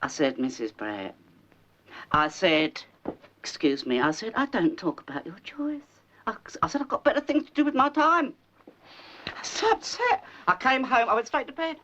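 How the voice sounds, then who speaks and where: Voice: medium pitch, very animated, moderate pace, pushed and bright. A performer in a 1970s film comedy playing a fussy, gossipy elderly mother who poses as a psychic, rambling and theatrical. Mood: fussing. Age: older. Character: nagging, overbearing elderly mother posing as a psychic. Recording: dull old film soundtrack with faint hiss.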